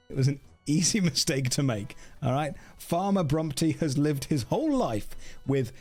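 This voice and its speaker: A man's voice: medium pitch, darkish tone. A male streamer joking with his chat in a mock-serious way while playing a game. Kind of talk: casual game stream commentary.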